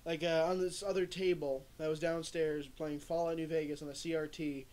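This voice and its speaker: A man's voice: fairly high pitch, level tone, moderate pace, darkish tone. Young man rambling on stream, laughing. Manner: rambling, laughing, swears a lot. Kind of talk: casual chat. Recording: faint background noise.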